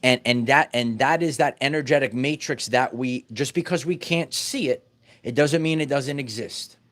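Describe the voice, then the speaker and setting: A man's voice: medium pitch, moderate pace, a bit bright. A man giving a casual spiritual teaching talk to his viewers, emphatic and full of repeated words and restarts. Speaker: spiritual wellness vlogger.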